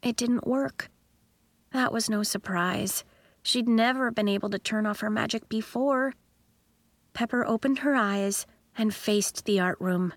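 A woman narrates a children's audiobook at a measured pace, her voice on the high side. She tells it expressively and voices each character differently, with no echo present.

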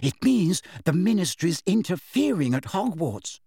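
A man voicing a bossy, flustered teenage schoolgirl in an audiobook, brisk and commanding. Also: sits high, very animated, mellow, slightly rough, no room sound, clean studio sound, voice pushed up, exaggerated voice. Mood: irritated.

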